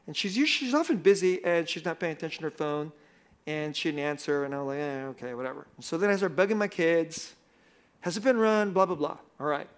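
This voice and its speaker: A middle-aged male pastor delivers a sermon in a loose, conversational way, with a voice that sits high for a man. He tells stories against himself and breaks into laughter often. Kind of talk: sermon with personal story.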